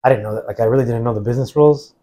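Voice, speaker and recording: His pace is racing and his pitch medium: an American veteran in his forties recounting events as a guest. The telling is relaxed and digressive, heavy on "like," and he dramatizes what others said.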